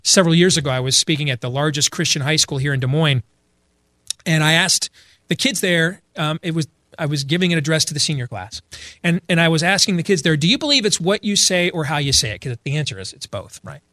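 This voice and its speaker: A man's voice: on the high side, a little fast, bright, forceful tone, dry recording, clean studio sound. A middle-aged man giving blunt, opinionated religious commentary, emphatic, often restarting and repeating himself. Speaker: speaker addressing an audience.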